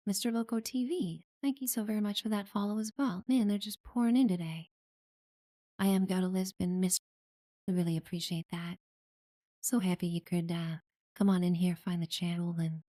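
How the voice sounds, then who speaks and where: A woman's voice: fairly low pitch, dry recording, clean studio sound. A woman streamer chatting casually during live gameplay, thanking new followers and talking about her community. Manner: friendly, thanks followers warmly, many fillers.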